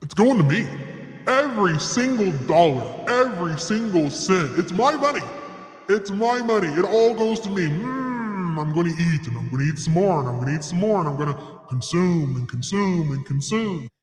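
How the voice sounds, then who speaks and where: A woman's voice: on the low side, lively intonation, normal speed, a little mellow, reverberant, big-room sound, pitched below the performer's own voice, close to an everyday voice. A woman putting on the voice of a gloating, gluttonous woman who hoards money, in a mocking, boastful drawl.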